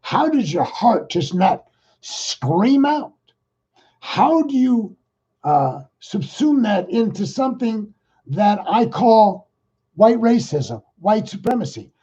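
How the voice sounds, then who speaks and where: A man's voice: high-pitched, very animated, dark tone, breathy edge, lo-fi sound. A man hosting his own podcast, talking in a rambling, exasperated political monologue. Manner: rambling, exasperated, talks fast. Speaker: podcast host.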